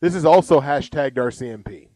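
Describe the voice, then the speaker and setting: A male podcast co-host with a fairly high, very lively voice, reading police scanner posts in a slow, deliberate way. He laughs often between items. The sound is dry and close. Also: no echo. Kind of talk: casual comedic chat, reading out scanner posts.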